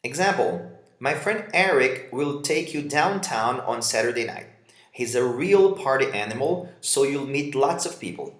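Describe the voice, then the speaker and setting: Male English teacher, Portuguese native, lively intonation, roomy echo. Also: mid-range voice, unhurried. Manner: reads example dialogues and explains them, switching to Portuguese for translations. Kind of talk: vocabulary lesson.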